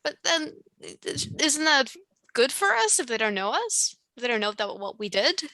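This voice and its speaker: A woman plays a tabletop game, pressing others with questions. Her voice is bright and forceful at a medium pitch. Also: very animated. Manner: questioning, quick to challenge. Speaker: player. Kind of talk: casual tabletop game play.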